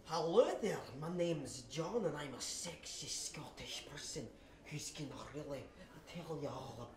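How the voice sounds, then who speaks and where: A man trying out a self-styled charming Scottish character, halting and faltering. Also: a little high, reverberant, a crowd in the background, close to an everyday voice.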